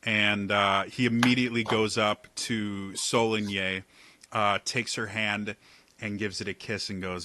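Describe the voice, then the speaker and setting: A man's voice: fairly low pitch, flat delivery, a little slow, sharp tone. A man narrating a tabletop game as game master, rambling with lots of fillers.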